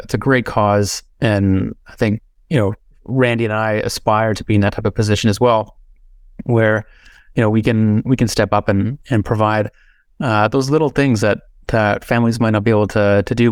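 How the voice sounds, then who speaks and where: A man's voice: on the low side, steady tone, moderate pace, smooth, no echo, clean studio sound. A man hosting a podcast, chatting casually in a rambling way full of fillers and restarts. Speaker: podcast host. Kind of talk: casual interview chat.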